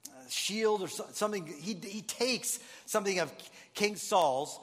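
A man preaching a conversational sermon, telling stories with animated asides and frank self-deprecating remarks. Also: sits high, a little slow, in a large hall. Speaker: pastor.

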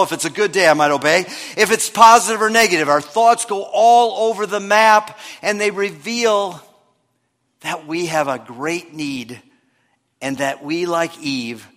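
A man delivering a lively sermon in a fairly high voice. He swings from loud emphasis to hushed asides, and his words ring out with a long reverb in a church hall. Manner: lively preaching, shifts between loud and hushed. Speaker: pastor.

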